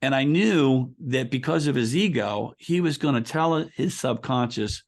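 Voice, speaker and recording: Gravelly-voiced man telling a story. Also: medium pitch, lively intonation, measured pace. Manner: explains ideas through a long personal anecdote, with frequent restarts. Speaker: author and coach as a guest. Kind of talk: conversational podcast interview.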